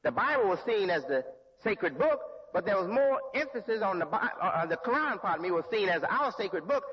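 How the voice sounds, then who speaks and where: A man with a husky, fairly high voice preaches a sermon, slow and deliberate. The recording is lo-fi and dull, with a long reverb tail from a large hall. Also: very animated. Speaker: religious leader.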